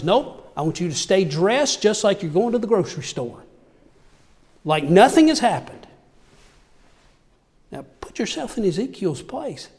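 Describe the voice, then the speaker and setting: A man's voice: high-pitched, a little mellow, long reverb tail. A man preaching a sermon, reading scripture aloud and then explaining it, and asking his listeners questions.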